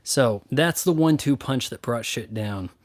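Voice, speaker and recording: Answering viewer questions as a movie and game critic, a man with an animated mid-range voice speaks at a moderate pace. It's a casual, profane Q&A rant: he's blunt and sarcastic, swears often, and mocks others in put-on voices.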